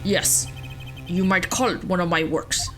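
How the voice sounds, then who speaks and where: A woman voicing a calm male forger painter with a put-on accent, speaking slowly in a video game playthrough. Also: lowish voice, music in the background, close to an everyday voice.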